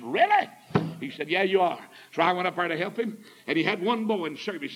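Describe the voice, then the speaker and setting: Emphatic preacher, high voice. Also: male voice, rough recording. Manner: folksy, emphatic, rising to shouts. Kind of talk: storytelling sermon.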